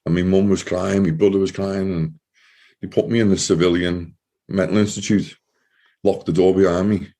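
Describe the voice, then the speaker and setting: A man, a former soldier, giving a personal account in an interview, talking earnestly and haltingly and often repeating his words. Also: deep voice, level tone, warm tone.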